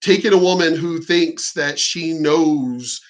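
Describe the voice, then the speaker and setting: A man's voice: fairly high pitch, slow pace, low-quality recording. A man giving blunt, profane commentary and telling a story in casual talk. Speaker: commentator reacting to clips.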